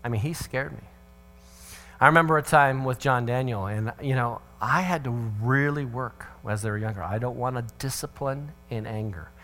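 A middle-aged man giving a sermon-style talk on parenting, an animated storyteller who acts out voices. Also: mid-range voice, normal speed, hardly any pauses. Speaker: speaker on parenting.

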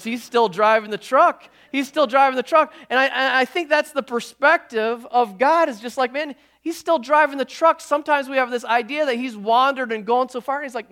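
A pastor preaches in a loose, talky way, restarting his sentences as his thoughts race ahead. He breaks off now and then for a quick joke to the room. His voice is a man's, relaxed and personal. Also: very high voice. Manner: lively conversational preaching with frequent restarts; jokey asides to the congregation. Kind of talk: sermon.

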